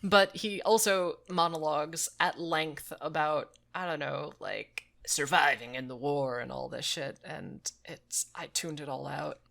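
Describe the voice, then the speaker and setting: A woman's voice: sits low, unhurried, creaky, few pauses, fairly bright tone. A woman co-hosting a podcast, recapping a game in casual chat, swearing freely and sounding exasperated. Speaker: podcast co-host.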